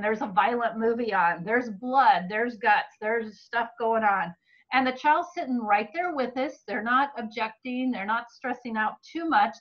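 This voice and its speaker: A woman with a fairly high voice teaches in an earnest, expressive way, a little hoarse from a long talk. The recording is dull and lo-fi, with the top end muffled. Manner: earnest and expressive, acting out what parents say to children. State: slightly hoarse, clearing her throat. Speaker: Bible-based mental health teacher.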